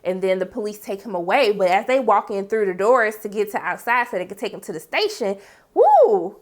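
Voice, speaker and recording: A woman's voice: mid-range voice, fast. A woman host giving a casual, slangy episode recap, acting out the characters' lines as she goes. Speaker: TV review host.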